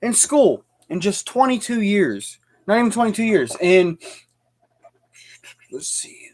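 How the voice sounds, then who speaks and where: Young man with a high voice, heated livestream rant, fired up and tripping over his words. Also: very animated, normal speed. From United States. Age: young adult. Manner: fired-up, repetitive, stumbling restarts. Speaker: livestream host.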